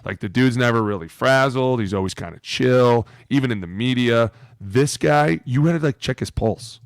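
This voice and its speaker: A man co-hosting a casual podcast, telling animated stories and acting out quotes. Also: medium pitch, moderate pace, vocal fry, dry recording, clean studio sound. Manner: animated storyteller, acts out quotes. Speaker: podcast co-host, former lineman. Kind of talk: casual chat.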